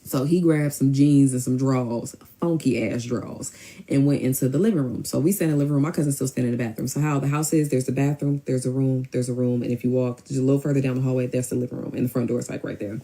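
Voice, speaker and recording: Woman, young adult, casual storytime, low dark voice, rambling. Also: quick pace. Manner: rambling, animated, switches into quoted voices.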